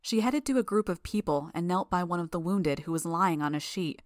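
A woman's voice: lowish voice, a little fast, dry recording. Woman narrating an audiobook, dry sound. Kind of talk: first-person audiobook narration.

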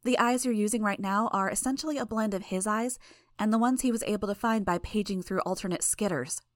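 A woman voicing a sly young female villain who talks quickly and teasingly in a dry recording. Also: mid-range voice, no echo, pitched above the performer's own voice, natural voice. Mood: breezy.

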